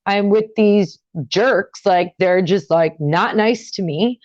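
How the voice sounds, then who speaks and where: A young woman telling a personal story in an interview, talking casually with many fillers and getting animated and higher when upset. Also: slow, no echo, lo-fi sound. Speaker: interview guest.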